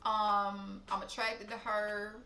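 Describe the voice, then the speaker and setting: A young woman telling a story to camera, blunt, profane and animated. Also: mid-range voice, slow, reverberant, faint music behind. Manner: blunt, profane, animated, talks straight to viewers. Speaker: storytime vlogger.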